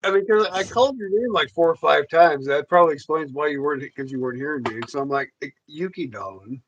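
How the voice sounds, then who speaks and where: A man's voice: fairly high pitch, quick pace, highs cut off. A man with a Southern US accent hosting a livestream, joking and teasing his co-host in casual chat.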